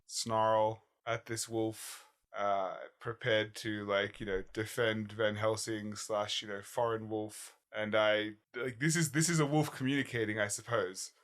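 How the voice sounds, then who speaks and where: Guy player at an rpg table, bright forceful voice, says like a lot. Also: on the low side. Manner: rambling with lots of "like". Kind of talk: in-character tabletop play.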